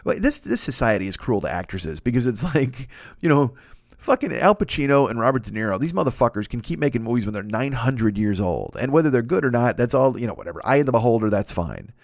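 A man's voice: mid-range voice, sing-song, quick pace, creaky, no echo, clean studio sound. A man hosting a comedy podcast, riffing in a profane, rambling mock-rant. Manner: profane, riffing, mock-ranting with put-on voices. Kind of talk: rambling comic monologue.

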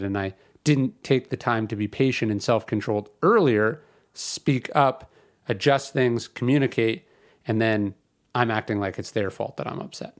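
A man in his thirties hosting a podcast, talking in a casual, emphatic way that slides into a rant. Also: medium pitch. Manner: conversational, ranting, emphatic with repetition. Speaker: podcast host. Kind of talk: casual spoken commentary.

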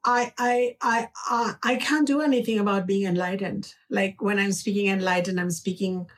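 A woman with an Indian accent, an author being interviewed, speaking in a slow, reflective and earnest way. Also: medium pitch, fairly even intonation, recorded from a distance. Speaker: author guest. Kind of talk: conversational interview.

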